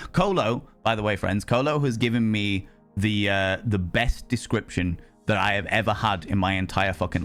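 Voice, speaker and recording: Loud, brash, theatrical male streamer. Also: on the low side. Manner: flamboyant, swears freely. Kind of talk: live stream chat.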